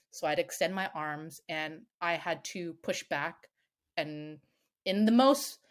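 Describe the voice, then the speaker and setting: Woman, middle-aged, podcast guest, candid storytelling, animated, swears, lowish voice. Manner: animated, swears freely, acts out quoted voices.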